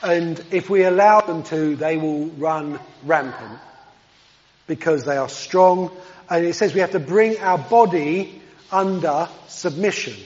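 A man's voice: on the high side, a little slow, darkish tone. A man preaching a sermon in an earnest way, with self-deprecating asides. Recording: dull sound with long hall reverb.

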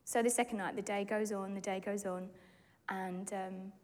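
A British woman in her forties giving a lively, excitable testimony to a church gathering from a stage. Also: medium pitch, normal speed. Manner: animated, excitable storyteller who acts out quotes. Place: stage in a hall. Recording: echoey hall.

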